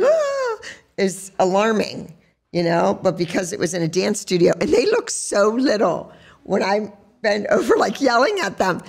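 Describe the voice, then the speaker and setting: Woman podcast host, gravelly and low, chatty storyteller on a live stage. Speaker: podcast host and dance teacher. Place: sports bar, live show.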